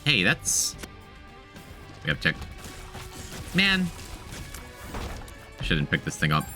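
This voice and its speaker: A man's voice: low voice, wildly swooping pitch, takes it slowly, sharp tone, soft background music. A man streaming a game, chatting casually, thinking aloud, repeating himself and talking to his chat. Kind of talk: casual gameplay commentary.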